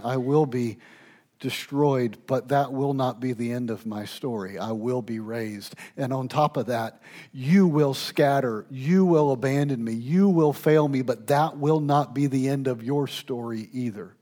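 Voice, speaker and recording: A man preaching a sermon, swinging between loud emphatic stretches and hushed, intimate ones, with occasional restarts and fillers. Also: mid-range voice, a little slow. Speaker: pastor.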